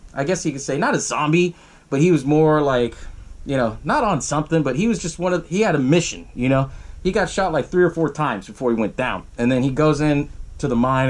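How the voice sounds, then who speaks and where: A young man hosting a podcast, casually recapping a horror film with lots of swearing and acted-out bits of dialogue. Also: a little high. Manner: profane, animated retelling with acted-out quotes. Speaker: podcast host.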